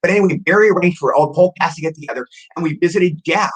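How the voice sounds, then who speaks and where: A man in his sixties, an actor guest telling rapid, excitable anecdotes in a casual interview, often repeating words as he goes. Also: on the high side, breathy edge, poor audio. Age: 60s.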